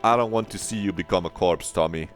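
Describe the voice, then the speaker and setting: A man's voice: deep voice, fast talker, faint music behind. A man streaming a video game, chatting playfully in a rambling, mock-dramatic way and swearing now and then. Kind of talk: casual live-stream commentary.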